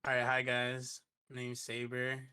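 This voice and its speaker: A young man introducing himself as a podcast guest, laid-back and joking, often trailing off quietly. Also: medium pitch, monotone, normal speed, smooth, no echo.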